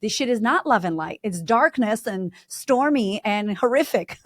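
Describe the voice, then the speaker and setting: A woman's voice: a little high, animated, normal speed, no room sound, clean studio sound. A woman guest in a casual interview, a confidence coach who talks bluntly and emphatically, swearing freely.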